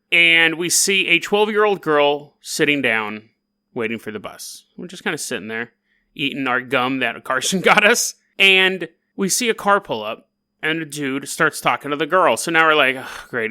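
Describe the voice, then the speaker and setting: Male host, slightly high and very bright, casual joking storyteller. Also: expressive, normal speed. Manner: joking, chatty, often laughing. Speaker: podcast host.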